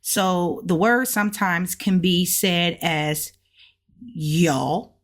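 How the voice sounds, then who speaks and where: A woman's voice: lowish voice, slow, a bit bright. A woman hosting a casual video lesson, explaining step by step and drawing out sounds to demonstrate them. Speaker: host of a language-learning channel.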